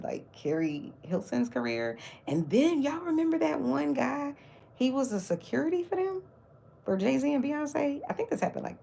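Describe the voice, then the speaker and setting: A woman's voice: on the high side, vocal fry, dark tone, slightly rough. A woman hosting her own livestream, chatting casually about celebrity gossip with mocking asides. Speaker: livestream host.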